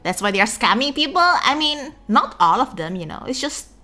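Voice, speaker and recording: Young Indonesian woman streamer, slight Singlish accent, high lively voice, faint music behind. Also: normal speed. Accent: Indonesian English with a touch of Singlish. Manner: chatty, giggly, lots of fillers. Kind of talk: casual chat.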